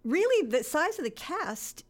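A woman interviewing a guest in a casual chat, asking quick, joking questions. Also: high-pitched, big pitch swings.

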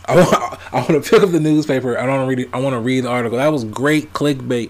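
A man's voice: mid-range voice, fast, hardly any pauses. A man giving a ranting commentary, emphatic and repetitive, firing off rhetorical questions. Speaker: vlogger.

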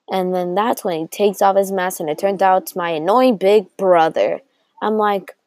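A woman's voice: fairly low pitch, steady tone, normal speed, gravelly, a little mellow, no room sound, rough recording. A young woman telling a made-up story aloud, rambling with restarts and acting out the dialogue.

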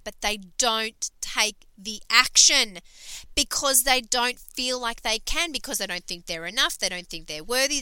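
A woman's voice: on the high side, bright, forceful tone, clear, resonant tone, dry recording, rough recording. A woman hosting a podcast, talking in an emphatic, sweary, casual motivational monologue full of fillers. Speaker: podcast host and coach.

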